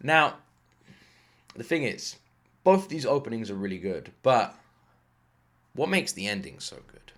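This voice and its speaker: A man hosting an anime reaction video, talking in a rambling, excitable way, swearing freely and fighting off a lingering cough. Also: medium pitch, unhurried, long pauses. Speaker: anime reaction channel host. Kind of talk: casual reaction commentary.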